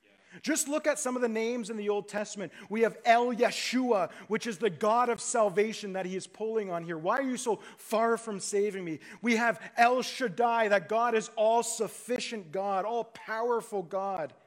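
Pastor guy preaching, pretty high voice, goes from loud pleading down to quiet hushed bits. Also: moderate pace. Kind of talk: sermon.

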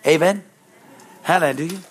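A middle-aged man preaching with a fairly high voice. He swings between easy storytelling and loud, climbing bursts, throwing "Amen?" at the congregation and talking to the kids in the room. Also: moderate pace. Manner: addresses children in the congregation. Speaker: pastor. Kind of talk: sermon.

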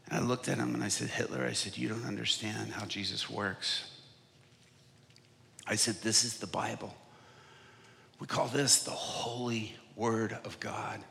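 A male evangelist whose voice is sharp and tense, with a gravelly edge. He tells a story from the stage, dropping to hushed whispers and then rising to loud, impassioned bursts. Long reverb from a large hall trails every word. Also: on the low side, fairly even intonation, moderate pace, pauses often, slight background noise. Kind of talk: sermon storytelling. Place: conference stage.

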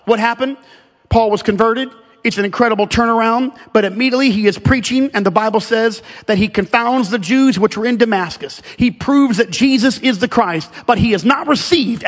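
A man preaching a sermon, animated and emphatic, joking with the congregation between scripture readings. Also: high voice. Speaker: pastor. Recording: long hall reverb.

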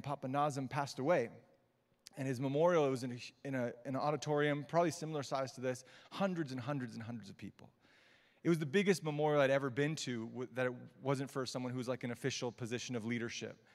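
A man preaches in a church hall, his mid-pitched voice trailing into long reverb. He tells personal stories with light laughter and slows to soft, tender quotes before rising again. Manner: warm storytelling with laughs and quiet, slowed quotes. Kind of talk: sermon.

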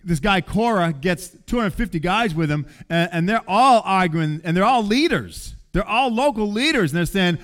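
Man in middle age, pastor preaching; slightly high voice, conversational and animated. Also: normal speed, hardly any pauses. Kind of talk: sermon.

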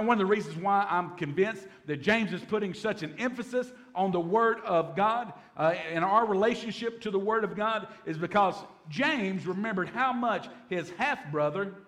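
A man's voice: high voice, a bit bright. A man, a pastor preaching a Bible-teaching sermon in a folksy way, with humorous asides.

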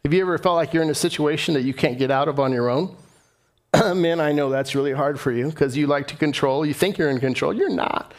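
High-voiced man preaching with rising fervor. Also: brisk. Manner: earnest, rising to impassioned emphasis. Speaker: pastor. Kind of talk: sermon.

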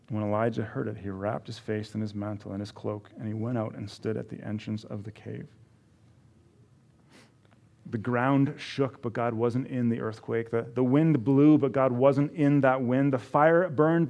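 A man preaching a sermon in an earnest way, rising to emphasis and then dropping to a hush, often repeating words. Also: medium pitch. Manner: earnest, swings from rising emphasis to hushed quiet. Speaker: pastor.

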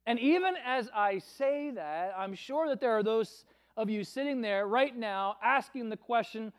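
Male pastor, high voice, slow and earnest sermon delivery. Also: clear, resonant tone. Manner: earnest, measured preaching with dramatic quoted voices.

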